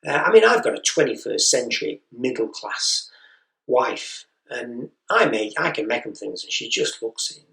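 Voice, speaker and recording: A man's voice: mid-range voice, big pitch swings, moderate pace, gravelly, sharp tone. A man doing a stand-up routine, telling a story and acting out the voices of the people in it. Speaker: stand-up comedian. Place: comedy venue. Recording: echoey room, mic heard from a distance.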